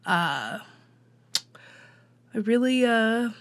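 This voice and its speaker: Sick with a cold, a woman hosts a casual podcast news update, her nasal voice on the high side with lively intonation and drawn-out words. She is chatty and self-deprecating as she reads the news, and there's no echo.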